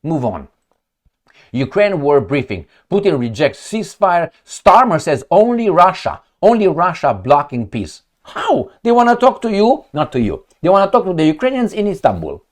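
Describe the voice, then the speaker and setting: Male political commentator, hot-tempered and mocking, voice swinging up and down with a slightly raised pitch. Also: big pitch swings, moderate pace. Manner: heated, sarcastic and profane; mocking retorts and rhetorical questions. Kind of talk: reading headlines and commenting.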